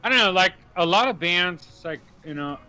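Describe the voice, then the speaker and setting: Casting: male co-host, slightly high, bright voice, laid-back but defensive fan. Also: expressive, a little fast, smooth, muffled recording, faint music behind. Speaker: music podcast co-host. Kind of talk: casual profane chat.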